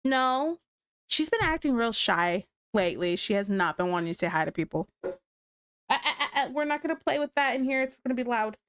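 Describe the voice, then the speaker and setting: A woman chatting to her stream audience in a loose, scattered way, breaking into laughs now and then. Her voice sits a bit high. It is recorded close at a desk mic with a dry sound. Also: very animated, brisk, a bit bright, smooth, no echo. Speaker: livestreamer talking to chat. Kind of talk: casual livestream chat.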